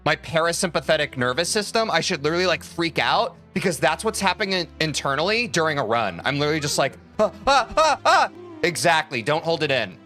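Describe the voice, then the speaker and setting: A man's voice: on the high side, animated, fast, hardly any pauses, bright, forceful tone, soft background music. A young man streaming a speedrun, chatting casually with his viewers, answering their messages and swearing freely. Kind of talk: casual live-stream chat while playing.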